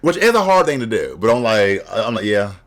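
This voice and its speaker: A man with a lowish voice gives casual, blunt reaction commentary and laughs often. His pitch jumps around in a lively, animated way. He drops bawdy jokes as he goes. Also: fairly quick. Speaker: drag reaction video host.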